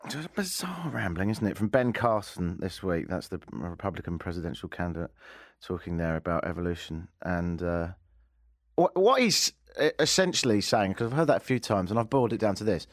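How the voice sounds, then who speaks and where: A man's voice: deep voice, animated, a little fast, dry recording. A man with an English accent hosting a radio show in a studio, joking and sarcastic. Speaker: radio host. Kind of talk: casual radio chat. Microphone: studio mic.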